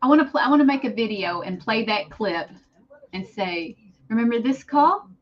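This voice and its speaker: A woman's voice: fairly high pitch, lively intonation, normal speed, muffled recording. A woman co-hosting a morning radio show, teasing her fellow host in casual banter.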